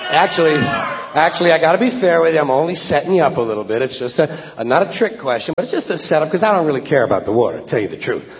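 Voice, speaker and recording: Sardonic stand-up man, high lively voice, slightly dull lo-fi sound. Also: fast talker, slight background noise. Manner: wry, conversational, sardonic. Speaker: stand-up comedian. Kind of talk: stand-up monologue. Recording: dull lo-fi with faint ambience.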